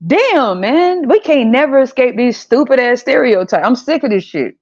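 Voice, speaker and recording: A woman's voice: high-pitched, big pitch swings, normal speed, darkish tone, dull audio. A woman hosting a podcast, ranting casually in a blunt, exasperated way and swearing freely. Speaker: podcast host.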